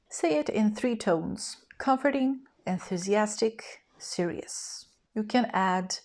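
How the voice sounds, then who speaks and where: A woman teaching English in a scripted lesson, speaking in a clear, even instructional way and modeling example phrases for the learner. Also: mid-range voice, measured pace, hardly any pauses.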